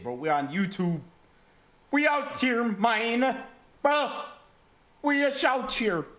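A young man reacts on stream in a loose, rambling way, swearing constantly. His pitch swings around a lot as he talks, and he keeps a casual, crude tone throughout.

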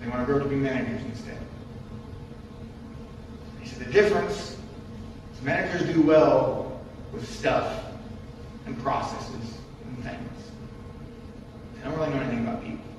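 A man's voice: medium pitch, steady tone, normal speed, pauses often, noisy background. A man preaching a sermon in a church, emphatic and repetitive, posing rhetorical questions to the congregation. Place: church sanctuary. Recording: distant mic in an echoey church hall.

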